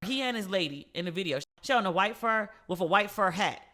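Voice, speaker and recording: A woman hosting a casual solo podcast, telling stories with playful, animated asides. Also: mid-range voice, quick pace. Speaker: podcast host.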